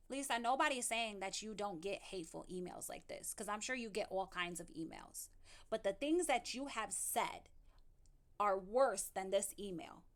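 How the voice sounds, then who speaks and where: A woman's voice: mid-range voice, animated, unhurried. A woman hosting a commentary channel, scolding and sarcastically answering the clips she reacts to. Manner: scolding, sarcastic, addresses the clip directly.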